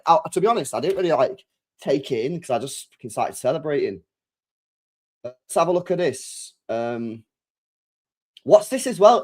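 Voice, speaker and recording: Excitable sweary young streamer. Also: male voice, sits high. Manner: excitable, sweary, repeats himself. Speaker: football streamer. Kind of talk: live-stream football reaction.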